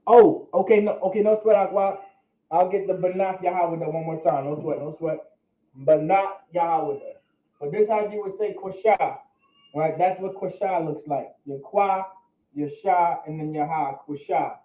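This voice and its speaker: A man teaching a class at a board, slow and patient, breaking words into syllables and repeating them. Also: fairly high pitch. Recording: echoey room over a phone-like line.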